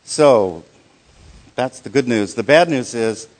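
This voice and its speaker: A man leading a live workshop, speaking in a conversational, halting way with many restarts and fillers, checking in with his audience. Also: mid-range voice, lively intonation, a little mellow. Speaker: workshop presenter.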